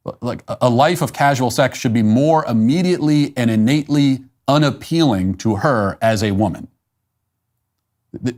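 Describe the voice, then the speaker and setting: A man with a somewhat low voice delivers an opinion monologue as host of his own commentary show. His delivery is measured and emphatic, and he slows down deliberately to drive his points home. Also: darkish tone.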